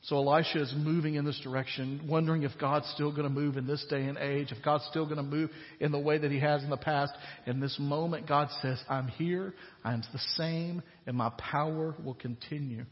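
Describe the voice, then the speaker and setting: A pastor preaches a sermon in a slightly high voice, retelling scripture in plain, conversational paraphrase and pressing his points with growing emphasis. His voice rings with a long reverb, as if it fills a large hall. The recording is dull and lo-fi. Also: fairly even intonation, normal speed, few pauses.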